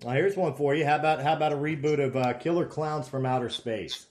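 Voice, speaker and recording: A middle-aged man hosting a casual chat, animated, laughing often and swearing casually. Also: on the high side, a little fast. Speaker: podcast host.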